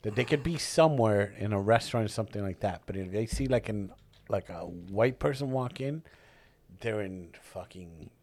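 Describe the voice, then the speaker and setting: A man's voice: lowish voice, lively intonation, moderate pace, a little mellow. A man co-hosting a comedy podcast, chatting casually, swearing, often restarting his sentences. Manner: rambling, swearing, trails off and restarts. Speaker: podcast co-host.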